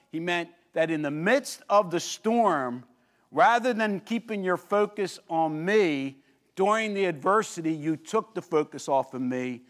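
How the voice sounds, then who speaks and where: A man preaching a sermon, telling the story vividly, swinging between lively emphasis and hushed, intense moments and asking the listeners questions. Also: a little high. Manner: animated storytelling with sudden drops to quiet intensity. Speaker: pastor.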